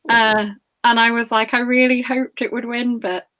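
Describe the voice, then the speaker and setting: A woman's voice: fairly high pitch, flat delivery, normal speed, bright, forceful tone. A woman co-hosting a book club video chat, enthusiastic and giggly.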